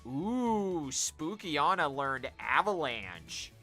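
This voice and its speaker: A man's voice: a little high, sing-song, very slow, bright, forceful tone, no echo, soft background music. A man streaming a video game, chatting casually to viewers as he plays. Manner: chatty, talking to viewers while playing. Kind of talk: casual live-stream commentary.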